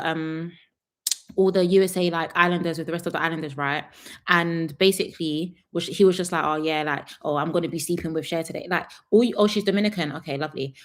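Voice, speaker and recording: A woman's voice: fairly low pitch, a bit bright. A young woman, chatting sassily through a live reality TV review and laughing often.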